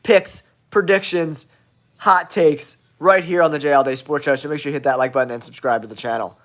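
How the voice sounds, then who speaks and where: A man's voice: on the high side, fairly quick. Nasal man with a cold, hot takes. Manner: blunt, excitable hot takes addressing viewers. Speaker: sports show host. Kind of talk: casual football talk show.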